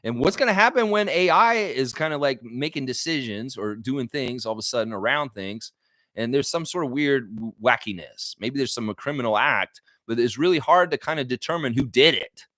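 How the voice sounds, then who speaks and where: A man's voice: mid-range voice, moderate pace, no room sound, studio quality. A man hosting a casual sports livestream, rambling and reading out viewer comments. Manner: reads viewer comments aloud, rambling and animated. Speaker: livestream host.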